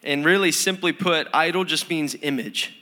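A man's voice: a little high, normal speed, pushed and bright. A young man preaching a sermon in an earnest, conversational way, with many fillers and restarts. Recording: sermon in a hall with long reverb.

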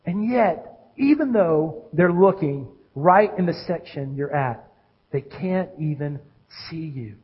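High-voiced preacher with animated delivery. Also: male voice, slow, breathy edge, muffled recording. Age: adult with children. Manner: animated preaching, swinging between loud calls and hushed lows. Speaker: pastor. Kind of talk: sermon.

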